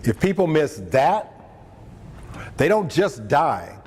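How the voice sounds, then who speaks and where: A man preaches on scripture at a lunchtime talk, conversational in style, with joking asides and acted-out quotes. His voice is fairly high and darkish, breathy at the edges, slow and swinging widely in pitch. The mic sits at a distance in an echoey hall with faint room noise.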